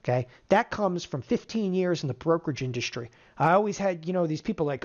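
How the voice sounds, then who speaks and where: A middle-aged options trading instructor runs a live webinar with lots of energy, firing rhetorical questions at the audience. His mid-range voice moves briskly with hardly any pauses, over dull lo-fi webinar audio.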